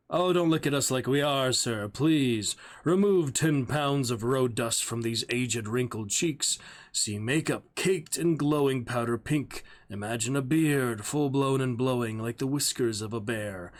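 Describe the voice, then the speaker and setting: A man's voice: mid-range voice, measured pace, voice pushed up, natural voice. A man voicing an aged male traveling stage player, reading the lines earnestly in his own voice during a script rehearsal. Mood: pleading.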